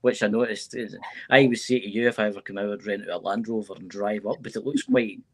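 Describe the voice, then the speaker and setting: Gravelly, husky-voiced male host. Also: lowish voice, quick pace. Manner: eager, repeats himself for emphasis. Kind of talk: casual interview chat.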